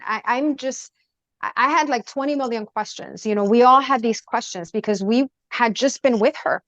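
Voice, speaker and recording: A woman's voice: on the high side, fairly bright tone, dry recording. Earnest woman telling a painful story, muffled audio. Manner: earnest, halting, acts out quoted dialogue with rising urgency. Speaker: podcast guest recounting a tragedy. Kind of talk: emotional personal account.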